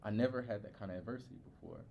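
A young man, a podcast co-host, telling a personal story in a candid, halting way with many filler words. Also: on the low side, gravelly, warm tone, highs cut off, slight background noise.

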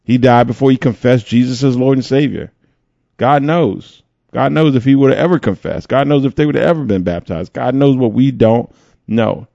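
A man's voice: medium pitch, moderate pace, vocal fry, warm tone, no room sound, muffled recording. A man preaching a conversational sermon as pastor, with playful asides.

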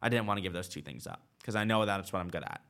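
A man's voice: low voice, quick pace, a bit bright. A man in his twenties telling a long personal story in casual chat, full of "like" and quoted dialogue. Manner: chatty, lots of "like" and quoted dialogue. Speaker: guest.

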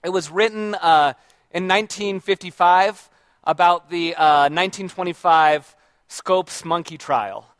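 A man with a high voice gives an informal lecture to a live audience in a room with no echo. He speaks a little slowly in a fairly bright tone, keeping it conversational with frequent fillers and restarts, and checks in by asking the audience questions.

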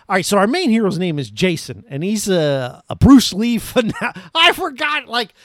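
A man's voice: sits high, fairly bright tone, dry recording. A man hosting a podcast, reviewing a movie in a casual, rambling, self-mocking way. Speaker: podcast host.

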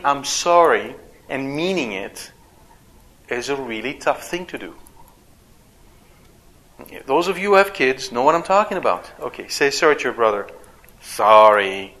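Bright, animated male preacher. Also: a little high, a little slow, pauses often. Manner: animated, acts out quoted voices. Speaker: father. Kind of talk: sermon.

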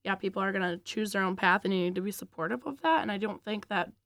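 A young woman co-hosting a casual podcast in a measured way, steering the talk with questions. Her voice sits at a middle pitch and is recorded dry and close. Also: a bit bright, no room sound. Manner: measured, leads discussion with questions. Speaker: podcast co-host. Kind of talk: casual chat.

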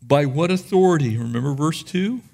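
Male pastor, sermon, high voice, very expressive, animated storyteller. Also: normal speed, vocal fry. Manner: animated storytelling, acts out biblical figures.

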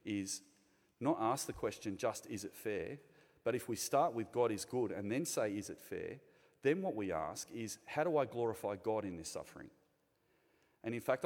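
A man with an Australian accent preaching a sermon to a congregation, chatty and direct, asking them questions and rising to loud, emphatic points. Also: fairly low pitch. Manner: conversational, interacts with the congregation, builds to loud emphatic bursts. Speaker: pastor. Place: church hall. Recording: long reverb of a large hall.

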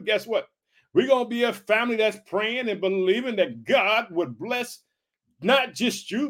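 A man from Illinois preaching an energetic podcast sermon, fervent and repetitive, calling out to his listeners again and again. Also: high voice. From Illinois, United States. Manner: fervent, repetitive calls of "guess what" and "hallelujah".

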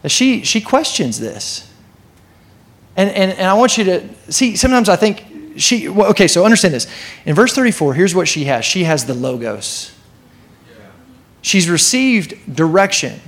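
A man pastor preaching to his church in an animated way, sometimes acting out the voices in the story. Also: sits high, normal speed. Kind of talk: sermon.

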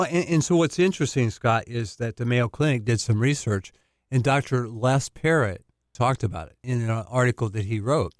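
A man's voice: mid-range voice, no room sound, clean studio sound. A man speaking as a Christian counselor on a radio talk show, laughing easily as he chats. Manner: laughs easily, good-humored. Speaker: Christian counselor, regular guest. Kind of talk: casual chat.

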